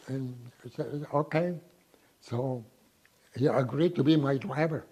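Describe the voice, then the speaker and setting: A man in his nineties being interviewed, recalling his past in a halting way with repeated words. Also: mid-range voice, dark tone. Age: 90s. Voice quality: very husky voice. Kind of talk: oral history interview.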